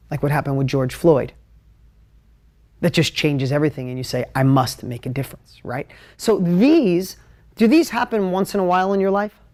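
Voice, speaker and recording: A man teaching at a whiteboard on a live stream, emotional and animated, jumping between ideas and talking straight to his viewers. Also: high-pitched. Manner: talks straight to viewers, asks for comments. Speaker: business coach hosting a live stream.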